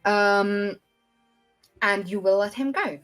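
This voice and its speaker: A woman running a tabletop game as dungeon master over a video call, talking in a deliberate way with frequent ums. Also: mid-range voice, a bit bright, faint music behind.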